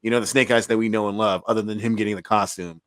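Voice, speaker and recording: A man's voice: fairly low pitch, little pitch movement, racing, dry recording. Joking, cursing man in a dry booth. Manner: joking, profane, laughs often. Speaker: podcast co-host. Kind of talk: casual chat.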